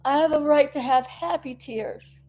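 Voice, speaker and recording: Tearful and rambling, a South Florida vlogger recovering from an injury chats emotionally with viewers on camera. She talks at normal speed in a high-pitched, slightly mellow voice.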